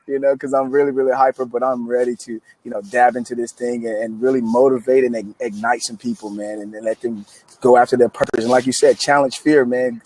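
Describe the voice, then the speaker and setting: A man in his thirties from Memphis, a guest author telling his story in an interview with eager energy and many restarts. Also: medium pitch. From Memphis, United States. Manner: energetic, repetitive restarts, emphatic.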